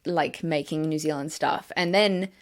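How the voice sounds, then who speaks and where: A woman's voice: deep voice, a little slow. A woman, a comedian, chatting casually on a podcast, laughing often and using lots of fillers. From Australia. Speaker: comedian guest.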